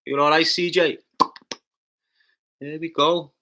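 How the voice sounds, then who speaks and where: A Scouse man hosts a casual livestream, firing off brash, sweary banter at his chat and breaking into loud taunts. His voice sits a little high, with a sharp, forceful brightness. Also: little pitch movement, slow pace, a little hiss or hum. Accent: Liverpool (Scouse). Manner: bursts into loud taunting rants. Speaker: livestream host reading chat comments.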